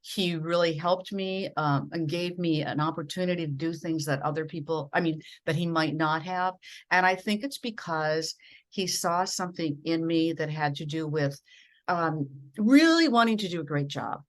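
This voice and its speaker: A woman's voice: low voice, moderate pace. A middle-aged or older woman from Minnesota, a veteran TV news journalist, telling career stories earnestly and emphatically in an interview. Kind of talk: conversational interview storytelling.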